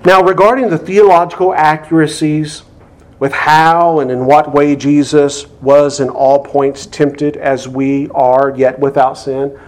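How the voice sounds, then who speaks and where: A male pastor delivers an expository sermon to his congregation. He teaches earnestly and leans on emphatic repetition to drive each point home. His voice sits a little on the higher side for a man. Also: a little mellow.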